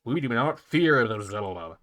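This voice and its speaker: A man voicing a haughty female alien hive ruler from a video game, reading her lines slowly and solemnly. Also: medium pitch, lively intonation, a bit bright, pitched below the performer's own voice. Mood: imperious. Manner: slow, solemn, commanding delivery. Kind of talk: reading game dialogue aloud in a voice.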